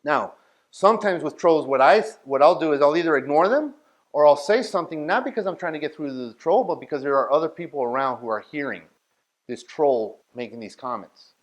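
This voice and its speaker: A man with a fairly high voice leads a workshop. He talks bluntly and directly and keeps checking in with the people listening. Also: animated, brisk. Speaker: outreach workshop leader. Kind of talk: workshop talk.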